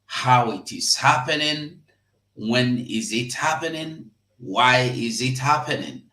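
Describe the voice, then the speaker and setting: Slow-talking man with an echoey voice. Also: mid-range voice, bright, forceful tone. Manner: slow, hesitant, many fillers. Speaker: live stream host. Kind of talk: political commentary.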